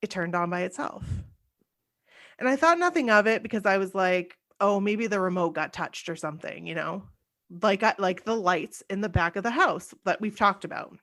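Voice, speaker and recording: A woman's voice: medium pitch, animated, moderate pace, fairly bright tone. A woman in her forties hosting a casual podcast, telling a personal story in long run-on sentences full of "like.". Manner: chatty, run-on storytelling with many "like"s. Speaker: podcast host.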